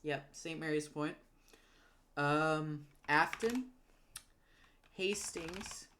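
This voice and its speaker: A woman recalling and naming towns out loud, hesitant with many ums, correcting herself and apologizing for her pronunciation. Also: low-pitched, drawn-out words, a little hiss or hum. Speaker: geography video creator. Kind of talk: casual recall while typing.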